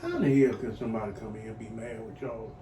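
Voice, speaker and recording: A middle-aged man giving heartfelt personal testimony as a client in a recovery program, earthy and animated, acting out voices as he tells his story. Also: fairly low pitch, fast talker. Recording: echoey room, voice from far off, faint noise.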